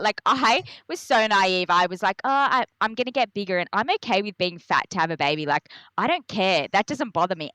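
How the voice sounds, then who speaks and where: A young Australian woman tells her stories as a podcast guest, slipping into high, animated voices when she quotes herself. Her tone is bright and forceful, recorded close and dry. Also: clear, resonant tone, no room sound. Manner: animated, acts out her own past lines in a high voice. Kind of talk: candid conversational storytelling.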